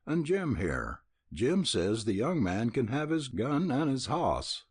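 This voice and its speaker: A man's voice: medium pitch, sing-song, slow pace, breathy edge, no echo, studio quality, pitched above the performer's own voice, heavily acted. A man voicing a talkative, boastful young with an in an audiobook. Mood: folksy. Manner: drawling, folksy.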